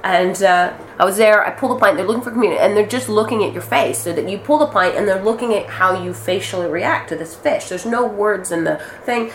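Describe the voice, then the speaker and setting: A woman acting as interview guest, telling lively stories in casual chat, acting out quotes and swearing freely. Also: mid-range voice, a little fast, hardly any pauses. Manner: animated storyteller, acts out quotes, swears freely. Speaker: actress and guest. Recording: roomy echo with faint noise.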